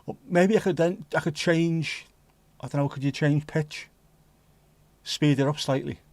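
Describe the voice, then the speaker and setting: A man's voice: a little high, fairly even intonation, a little slow, a little mellow, no room sound. A man with a Scouse accent hosting a livestream, chatting casually in a rambling, jokey, sweary way. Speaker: livestream host. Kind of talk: casual chat.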